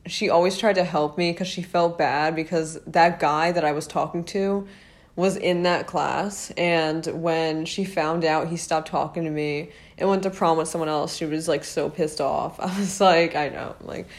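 A young woman telling a personal high school story in a rambling, casual way, full of fillers and little laughs. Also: steady tone, moderate pace. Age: young adult.

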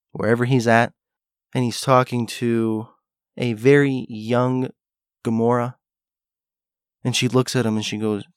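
A man's voice: medium pitch, smooth, dry recording, clean studio sound. A man talking through a rambling, musing monologue, thinking aloud with restarts and asides. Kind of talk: casual monologue.

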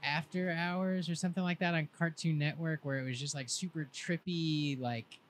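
A young man on a podcast, telling a long rambling story in a casual, laid-back way and quoting his friends in lively voices. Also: fairly high pitch, normal speed, slight background noise. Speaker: podcast co-host.

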